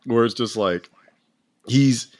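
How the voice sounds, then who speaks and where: A man co-hosting a casual movie podcast, talking in a loose, animated way and swearing freely. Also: medium pitch, slow. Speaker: podcast co-host. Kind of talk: casual chat.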